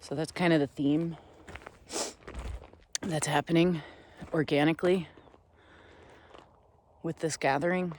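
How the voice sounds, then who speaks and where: A man vlogging outdoors at a desert campsite on a ridge, speaking in a slow, earnest, meandering way that sometimes sinks to soft near-whispers. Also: a little high, flat delivery, dry recording. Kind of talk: reflective spiritual vlog talk.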